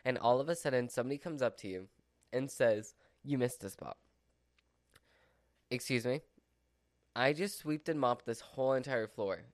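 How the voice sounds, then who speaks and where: A man's voice: mid-range voice, normal speed, no room sound, clean studio sound. A man vlogging from home in a rambling casual chat, full of "like" and "so" fillers. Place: at home with his dog. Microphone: mic within his dog's reach.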